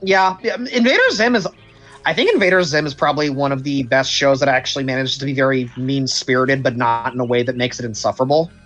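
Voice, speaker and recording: A person casually chatting and joking over a game stream, animated and prone to mock-dramatic rants. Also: medium pitch, fast, soft background music.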